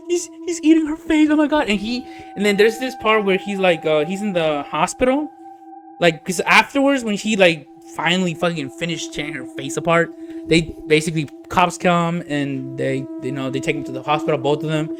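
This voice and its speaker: A man co-hosting a podcast, telling a story in rambling casual chat, laughing often and swearing freely. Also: a little high. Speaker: podcast co-host.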